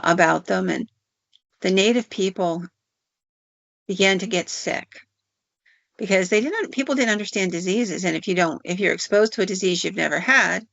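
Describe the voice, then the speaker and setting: A woman's voice: fairly low pitch, gravelly, a bit bright, no echo. A woman podcast host telling folklore stories in a folksy, conversational way. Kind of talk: folklore storytelling. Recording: dull lo-fi audio.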